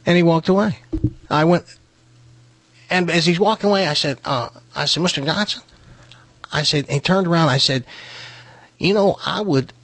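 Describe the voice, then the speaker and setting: A man's voice: on the high side, moderate pace, long pauses, no room sound. A man from Tennessee hosting a radio talk show, telling a personal story and acting out the voices in it. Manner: animated storyteller acting out quoted dialogue. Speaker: radio host.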